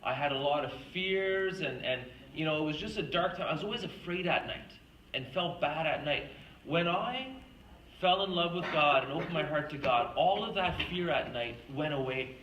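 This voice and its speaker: A woman's voice: sits low, normal speed, fairly bright tone, reverberant, far from the mic, dull audio, a little hiss or hum. A woman giving an earnest faith talk at a retreat, telling stories and acting out the quotes. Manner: earnest, storytelling, acts out quoted speech. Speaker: retreat speaker.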